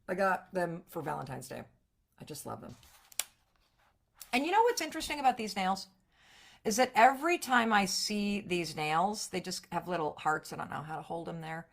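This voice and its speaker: Woman hyping up viewers on a live stream, swearing freely, swooping high and loud then dropping. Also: moderate pace, gravelly. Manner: energetic, emphatic, profane, big swings in pitch and loudness. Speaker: motivational speaker. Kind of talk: live-streamed motivational talk.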